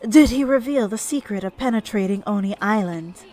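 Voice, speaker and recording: A woman doing a breathy, earnest warrior priestess. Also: mid-range voice, fairly quick, mellow, faint music behind, lightly acted. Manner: urgent, earnest.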